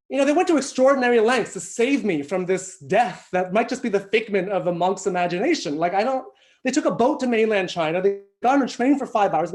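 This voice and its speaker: A man doing stand-up comedy over a video call from home, telling a story in an animated, self-mocking way and swearing freely. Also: high-pitched.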